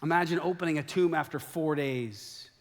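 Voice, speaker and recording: Animated preaching man in a reverberant hall. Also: fairly high pitch, moderate pace. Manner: lively storytelling, acts out quoted lines in animated voices. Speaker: pastor. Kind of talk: sermon. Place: church sanctuary.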